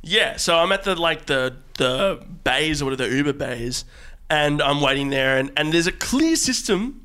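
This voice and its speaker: A young man co-hosting a comedy podcast, telling stories in a casual, animated way that builds in excitement. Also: a little high, normal speed, smooth. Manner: animated storytelling, rising excitement. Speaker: podcast co-host.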